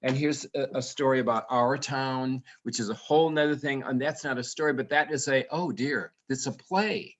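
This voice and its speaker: A man's voice: medium pitch, fairly even intonation, brisk, hardly any pauses, a bit bright. A man from England who grew up in the United States, giving a playful, musing talk to educators. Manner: playful, musing, rhetorical questions. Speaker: guest speaker.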